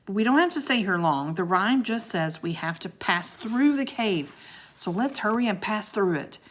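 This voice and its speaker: A woman voicing a young boy adventurer who keeps his sister calm and urges her on. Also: mid-range voice, normal speed, close to an everyday voice. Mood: urgent. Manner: urgent, reassuring. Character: brave young boy adventurer, steady and protective.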